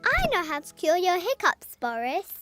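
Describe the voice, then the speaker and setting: A small, cheerful bunny girl from a children's cartoon, eager to help her friends. The voice sits very high and moves slowly in a lilting, sing-song way. Loud cheerful music plays under her lines. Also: sing-song. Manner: bright, eager and helpful.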